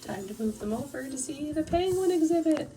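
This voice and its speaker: A woman's voice: high-pitched, lively intonation, a little fast, far from the mic. A woman narrating a playful toy story for a child, sing-song and chatty, slipping into small character voices.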